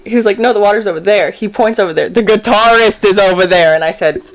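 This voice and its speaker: A woman's voice: mid-range voice, fast talker. A young woman co-hosting a podcast, chatting casually and telling her own story with animation and a self-mocking edge. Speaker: podcast co-host. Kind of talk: casual chat.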